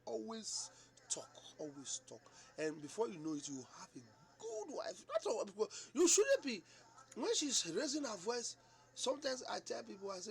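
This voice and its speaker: A man teaching a Bible study in an animated, repetitive way, acting out little dialogues. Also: high-pitched, normal speed, gravelly.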